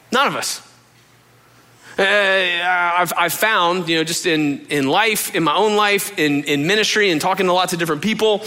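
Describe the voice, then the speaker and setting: A man's voice: sits high, bright, forceful tone. A man preaching a conversational sermon, telling stories earnestly with frequent restarts and speaking straight to the listeners. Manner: earnest storytelling with frequent restarts and direct "you guys" address. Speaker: pastor.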